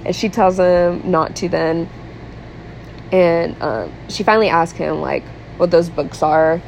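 Recapping a film on a podcast she co-hosts, this young woman chats casually, says "like" a lot, laughs frequently and swears without hesitation. She speaks unhurriedly in a low-side, darkish voice with vocal fry. The low-quality recording has a little hiss or hum.

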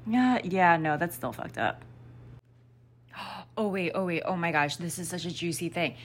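Low-voiced woman gossiping through a book recap, loose and slangy. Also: unhurried, a little hiss or hum. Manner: chatty, slangy, peppered with "like" and swearing. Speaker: book reviewer.

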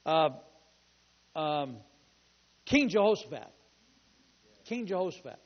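Fervent high-voiced preaching man. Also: expressive, slow pace, long pauses. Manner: fervent, shouted declarations and call-and-response. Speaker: pastor. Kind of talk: sermon. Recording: long hall reverb, dull lo-fi sound.

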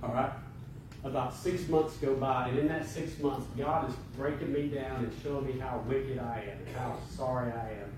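A man's voice: mid-range voice, steady tone, normal speed, background noise. Preaching man in an echoey church. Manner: preaching, rising to impassioned emphasis. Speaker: pastor. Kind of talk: sermon. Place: church sanctuary. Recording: very echoey room, voice from a distance.

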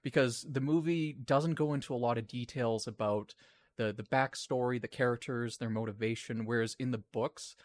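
A man's voice: mid-range voice, steady tone, moderate pace. A man co-hosting a casual podcast chat, talking in a dry, sarcastic way. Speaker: podcast co-host.

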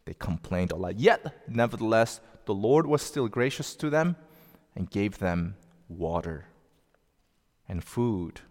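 A male pastor preaching a sermon, slow and deliberate, with emphatic rising outbursts. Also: fairly low pitch, expressive. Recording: long reverb of a large hall.

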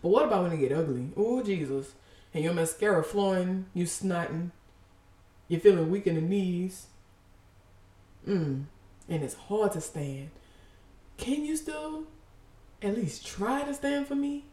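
A woman preaching a casual, passionate sermon, animated and emphatic, full of slang and repeated phrases. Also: on the low side, unhurried, long pauses, reverberant, far from the mic.

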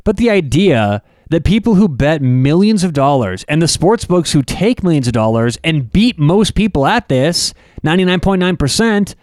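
A man co-hosting a casual sports podcast, telling animated stories and mimicking fans. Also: high voice, no room sound, clean studio sound. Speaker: podcast co-host.

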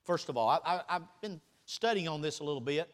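High-voiced man preaching a sermon. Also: brisk. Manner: animated preaching, swinging between loud bursts and quiet asides; teasing and conversational, reading scripture aloud.

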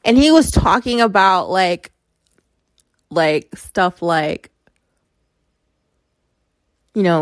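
Candid slow-talking young woman. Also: lowish voice, lively intonation, no room sound, clean studio sound. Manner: chatty, candid, filler-heavy. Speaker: podcast host. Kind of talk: casual storytelling to an audience.

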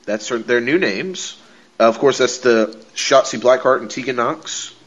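A man hosting a podcast, recapping a wrestling show in a casual, excitable way, laughing often and repeating himself. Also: medium pitch, a little slow, dull audio. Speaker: podcast host.

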